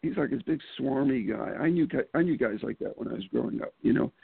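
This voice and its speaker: A man's deeply gravelly, husky voice comes through a thin, phone-like line. He talks casually as an interview guest. He tells stories animatedly, stumbles into restarts and laughs often. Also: expressive, fast talker, no echo. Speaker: political candidate guest. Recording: phone-like call audio.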